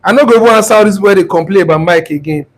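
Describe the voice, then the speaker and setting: A man's voice: high-pitched, very fast, low-quality recording. A man with a Nigerian accent, hosting a casual live-stream trading class and mixing Pidgin with English while teasing his viewers. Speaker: forex trading class host. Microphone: clip-on mic near the throat. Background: wind noise on the mic.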